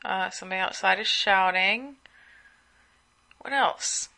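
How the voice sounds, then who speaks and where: A woman's voice: medium pitch, a little slow, creaky, bright, forceful tone. A sleepy young woman chatting casually at home as a solo podcast host, gossiping and rambling with asides. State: sleepy, yawning.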